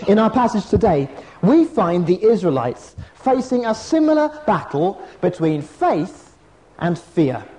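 Male pastor giving a sermon, warm mellow tone, voice rises and falls a lot. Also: sits high, very animated, a little hiss or hum. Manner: measured storytelling with dramatic pauses and slowing for emphasis.

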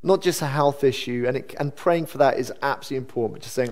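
A man preaching a sermon in a church, earnest and conversational, with sudden lively rises. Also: mid-range voice, quick pace. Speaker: pastor.

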